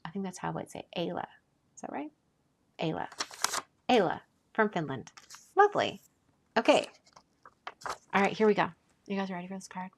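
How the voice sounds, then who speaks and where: A woman hosting a casual live stream, chatting and gushing as she opens mail, often dropping to a soft whisper. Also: medium pitch, big pitch swings, a little fast, creaky, pauses often, background noise. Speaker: card-making channel host.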